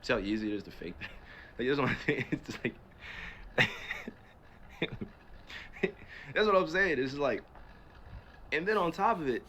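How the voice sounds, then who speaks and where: A man from New Jersey talking on a livestream, animated and emphatic, asking and answering his own rhetorical questions. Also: medium pitch, measured pace, pauses often, slight background noise. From New Jersey, USA. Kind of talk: casual livestream chat.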